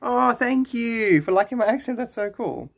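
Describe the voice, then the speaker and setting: A man's voice: very high voice, expressive, normal speed, creaky. Rambling man chatting on a livestream. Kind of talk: casual live-stream chat.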